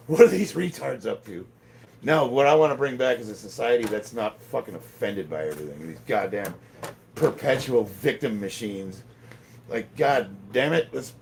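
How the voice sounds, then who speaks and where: A man's voice: mid-range voice, a little mellow, slight background noise. A man in his fifties chatting bluntly and profanely between lifts in his home gym, laughing often. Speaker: strength training vlogger. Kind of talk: casual rambling chat while lifting.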